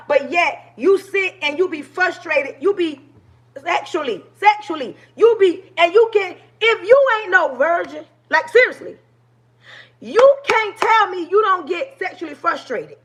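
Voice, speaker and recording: A woman's voice: very high-pitched, expressive, unhurried, a bit bright. A woman in her forties on a livestream, talking passionately and preachily to her viewers. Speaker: livestream host. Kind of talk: livestream talk.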